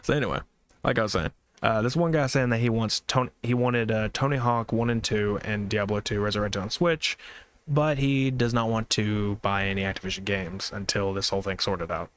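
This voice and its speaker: A man's voice: fairly low pitch, brisk, a bit bright, smooth. A man co-hosting a live stream, chatting casually about games, rambling and swearing freely while he talks to the chat.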